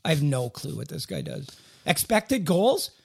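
A man co-hosting a podcast, bantering in a casual chat and teasing himself with halting restarts. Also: medium pitch, wildly swooping pitch, gravelly, breathy edge. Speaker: podcast co-host.

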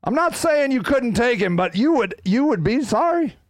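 A man hosting his own podcast, ranting in a profane, fiery way that swings from loud outbursts to low, muttered growls. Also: normal speed, dry recording. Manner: animated, ranting. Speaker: podcast host. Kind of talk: solo podcast rant.

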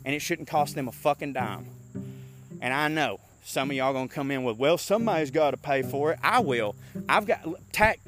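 Profane man ranting on a walk. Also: on the high side. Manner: profane, animated, rambling. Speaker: podcast host. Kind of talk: casual rant. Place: walking outdoors in a park.

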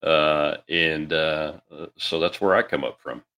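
Host, middle-aged man, very low voice, folksy and halting. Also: fairly even intonation, pushed and bright. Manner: folksy, halting advice full of fillers. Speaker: show host. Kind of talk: casual call-in talk.

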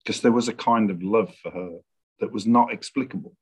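A middle-aged man, a screenwriter guest in a conversational interview, speaking in a reflective, measured way as he searches for words. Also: on the low side, slightly rough.

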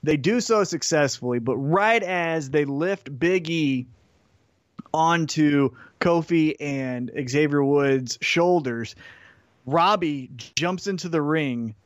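A man's voice: a little high, slow, dry recording, studio quality. A man co-hosting a podcast, telling a story in casual chat and acting out the quotes in put-on voices. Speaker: podcast co-host. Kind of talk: casual chat recapping wrestling.

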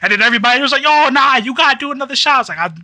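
A man's voice: very high voice, very fast, no echo. A man on a podcast telling a party story casually, acting out voices with lots of slang. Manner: animated, acts out friends' voices, heavy slang. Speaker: podcast co-host.

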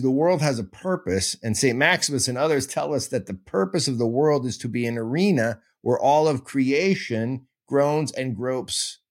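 A man hosting a podcast, teaching in a casual, digressive and self-mocking way, breaking into goofy sound effects. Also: medium pitch. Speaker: podcast host.

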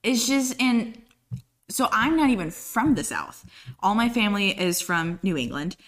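A woman from Colorado in a casual podcast conversation, telling stories in a lively way. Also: medium pitch, a little slow. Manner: lively storytelling, slipping into quoted voices. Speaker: podcast speaker.

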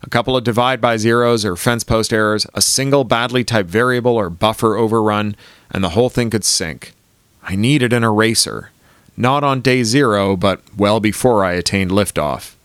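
A man's voice: fairly low pitch, moderate pace, a bit bright, smooth, no room sound. A man reading his own novel aloud with dry, wry first-person narration. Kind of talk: audiobook reading.

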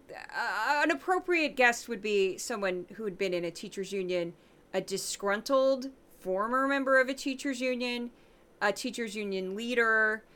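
A middle-aged woman from St. Louis hosting a podcast, delivering sarcastic, animated commentary on news clips. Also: mid-range voice. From Midwest, St. Louis. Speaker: podcast host.

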